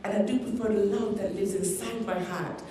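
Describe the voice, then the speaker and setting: A woman's voice: mid-range voice, steady tone, a little fast, mellow, distant mic. A woman with a Guyanese Caribbean patois accent, performing spoken word poetry with a rhythmic, emphatic delivery. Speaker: performance poet. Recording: echoey hall, heard from afar.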